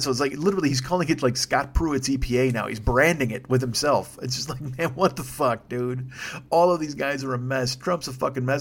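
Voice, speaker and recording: Male solo podcaster, rapid-fire rant, sarcastic, foul-mouthed, rambling. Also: medium pitch. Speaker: podcast host. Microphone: desk microphone.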